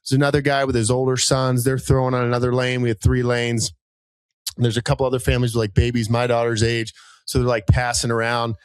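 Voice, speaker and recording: A man in his thirties, a podcast co-host telling a rambling, animated story with many fillers and jumps into high voices for people he quotes. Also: fast, clean tone, no echo. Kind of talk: casual storytelling chat.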